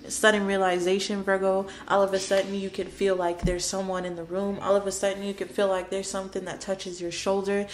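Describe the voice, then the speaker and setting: A woman giving a spoken tarot card reading, emotional and dramatic, repeating her phrases for emphasis. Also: mid-range voice. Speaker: tarot reader. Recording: roomy echo with faint background noise.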